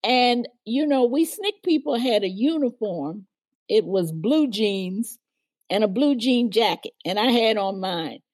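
A woman's voice: a little high, animated, a little slow, a little mellow, no room sound. An older woman, a guest on an interview, vividly recounting her past and acting out the people she quotes. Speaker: guest, former civil rights organizer. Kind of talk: storytelling interview.

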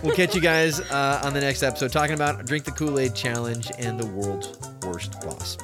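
A man's voice: mid-range voice, moderate pace, over music. A man hosting a casual podcast from a small office, laughing easily and poking fun at his own flubbed reads. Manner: laughing, self-deprecating, stumbles over reads. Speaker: podcast host.

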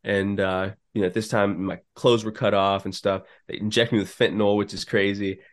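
Young male guest, low-pitched, unhurried, talks it through with lots of ums. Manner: relaxed, filler-heavy storytelling. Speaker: podcast guest, business co-founder. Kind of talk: casual storytelling interview.

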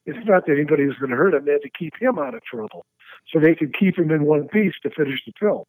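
A man who is a stunt performer, telling lively, laughing anecdotes and slipping into impressions during a radio interview. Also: on the high side, quick pace, no echo, phone-quality sound. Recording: dry radio studio.

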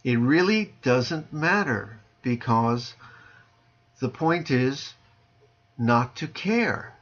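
A man who teaches Zen, chatting casually on a podcast over a video call, joking dryly and dropping his voice low on punchlines. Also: expressive, extremely slow, a bit bright, highs cut off. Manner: dry joking, playful sing-song delivery, drops low on punchlines. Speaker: Zen teacher answering listener questions.

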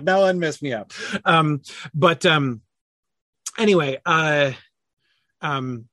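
A man's voice: on the high side, slow, pushed and bright, no room sound. A man leading a casual online Bible study, thinking aloud with many fillers and self-corrections and answering chat comments.

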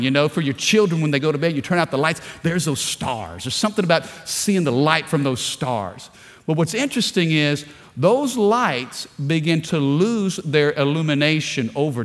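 A male pastor preaches with animated energy, pulling the congregation in with questions and building to shouts. His voice sits high for a man. Long reverb from the large hall trails behind his words. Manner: animated preaching, calls for audience response, rising to shouts. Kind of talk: sermon.

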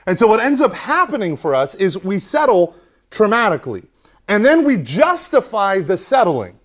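A man speaks in an animated, conversational preaching style, often checking in with "right?" and acting out quotes. His voice is fairly high and lively, rising and falling widely. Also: normal speed. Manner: conversational, keeps asking "right?", self-mocking humor, acts out quotes. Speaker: speaker at a Catholic youth talk. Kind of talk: animated preaching talk to an audience.

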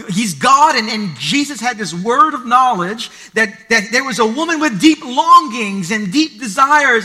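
High, sharp-toned man preaching a sermon. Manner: reads scripture then preaches with everyday comparisons. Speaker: pastor. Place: church service.

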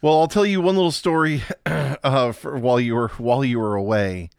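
A man co-hosting a podcast, chatting in a relaxed, wry way. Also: mid-range voice, moderate pace, gravelly, clean tone, no room sound, clean studio sound. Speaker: podcast co-host. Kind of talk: casual podcast chat.

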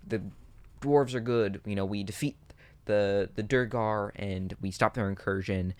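Low-voiced man musing about worldbuilding. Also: unhurried, darkish tone, smooth, dry recording. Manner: musing, filler-heavy, trailing restarts. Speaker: podcast co-host. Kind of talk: casual chat about tabletop game worldbuilding.

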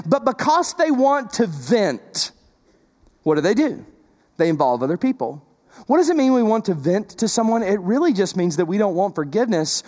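A woman pastor preaching a sermon, full of rhetorical questions, shifting between loud emphasis and soft, tender passages. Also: fairly high pitch. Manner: animated, asks the congregation many rhetorical questions.

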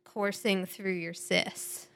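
A woman hosts a casual chat at an unhurried pace. Her voice sits in the middle range, and she is easygoing, with frequent giggles between her thoughts. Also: mid-range voice, fairly even intonation, a bit bright. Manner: giggly, easygoing, laughs often. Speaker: podcast host. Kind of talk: casual chat about crossword puzzles.

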